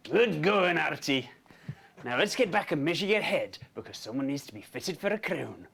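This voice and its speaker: A man briefly voicing a gruff male ogre teasing a boy during a storyboard pitch. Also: big pitch swings, normal speed, fairly bright tone, exaggerated voice.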